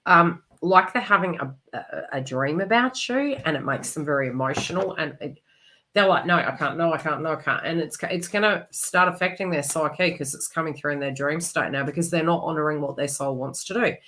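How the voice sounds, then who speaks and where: Woman, low register, psychic reader on a live stream, emotive and rambling, restarts often. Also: a little fast, pushed and bright. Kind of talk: live online psychic reading.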